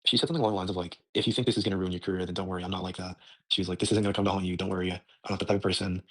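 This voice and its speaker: A man's voice: low-pitched, little pitch movement, very fast. A young man casually retelling a dispute in a rambling way, full of "like" and nervous laughs. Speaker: voice recording clip.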